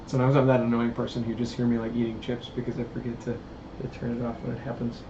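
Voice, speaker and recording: A man's voice: mid-range voice, monotone, fast talker. A man hosting a casual live stream while building puppets, rambling and answering chat comments. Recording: roomy, dull, faint hiss.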